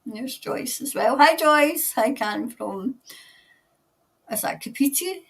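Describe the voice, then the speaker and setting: A Scottish woman rambles through a relaxed live stream, laughing often and greeting viewers by name. Her voice sits a little high. She is a bit far from the microphone, so she sounds slightly distant. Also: slow pace. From Scotland. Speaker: tarot reader hosting a live stream.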